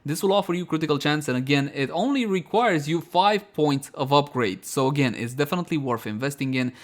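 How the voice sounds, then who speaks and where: A man talks viewers through a video game guide in a slightly raised voice. He is chatty and animated, calls his audience his friends, and pokes fun at himself along the way. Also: fairly high pitch, brisk. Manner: chatty and self-mocking, often breaking into laughter. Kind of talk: voice-over gameplay guide.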